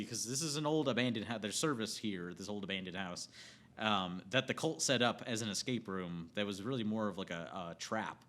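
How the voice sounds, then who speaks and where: A man's voice: on the low side, bright, forceful tone. A man giving a casual, rambling, profane film rant, often breaking into laughter. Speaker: movie reviewer.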